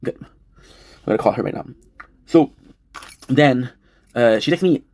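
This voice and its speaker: A man's voice: mid-range voice, animated, unhurried, a little mellow. A man in his thirties on a livestream, telling a story at length, emotional and swearing, repeating himself. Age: 30s. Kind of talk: rambling confessional livestream talk.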